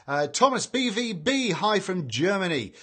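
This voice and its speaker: A man's voice: sits high, big pitch swings, moderate pace, sharp tone, breathy edge. A man hosting a casual live stream, reading out viewer greetings in a chatty way and stumbling over names. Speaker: livestream host reading chat.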